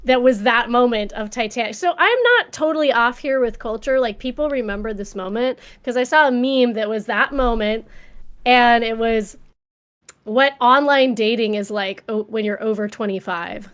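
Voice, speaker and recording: Woman, high voice, bubbly, giggly, casual live-stream chat. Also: moderate pace, a bit bright, smooth. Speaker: musician co-hosting a fundraiser stream.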